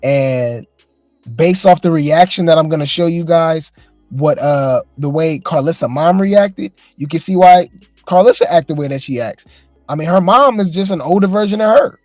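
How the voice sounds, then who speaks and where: A man's voice: on the high side, moderate pace, a little mellow, dry recording. A man hosts a commentary segment, talking in an easygoing, hesitant way with a slightly raised voice. The recording is dry and close, with faint music behind him. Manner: easygoing, hesitant, many fillers. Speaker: commentary host. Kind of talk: casual commentary.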